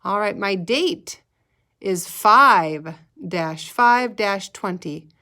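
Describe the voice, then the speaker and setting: Slow, patient kindergarten teacher woman. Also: medium pitch, lively intonation, pushed and bright. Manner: slow, patient, sing-song prompting for children to repeat. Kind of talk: recorded remote lesson.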